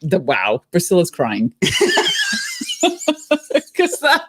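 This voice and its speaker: A woman's voice: deep voice, huge pitch swings, takes it slowly, background noise. A woman co-hosting a casual talk show, teasing and laughing often as she chats. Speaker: podcast co-host. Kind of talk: casual chat.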